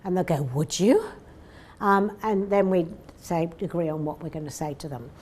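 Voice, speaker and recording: A woman's voice: on the low side, normal speed, a little mellow. A woman giving a conversational seminar talk, chatty and anecdotal, often acting out little dialogues. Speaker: seminar presenter. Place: seminar room.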